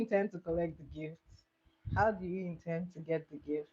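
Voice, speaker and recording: A young woman chats with viewers while she walks through her makeup routine, often laughing and asking questions between steps. Her voice is husky and sits a little low. The audio sounds dull and lo-fi. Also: moderate pace, mellow. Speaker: makeup livestreamer. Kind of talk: casual livestream makeup tutorial chatting with viewers.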